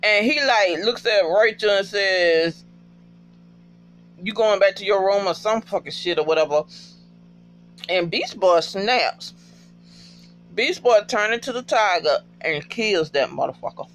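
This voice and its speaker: Animated, high-pitched man recapping a show. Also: measured pace, a little hiss or hum. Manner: animated, profane, emotional storytelling. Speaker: TV episode recapper. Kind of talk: casual video recap.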